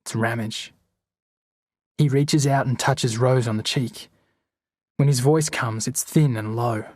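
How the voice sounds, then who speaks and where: A man narrating an audiobook in a steady, measured way. His voice is husky, and the recording is dry. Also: medium pitch, no room sound. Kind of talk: scripted narration.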